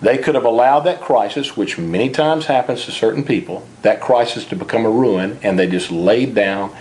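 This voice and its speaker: A fairly low-pitched, slightly mellow man's voice comes through at normal speed, with a little hiss or hum in the audio. He's being interviewed about personal finance as a finance book's author, speaking earnestly and now and then repeating a word at the start of a thought.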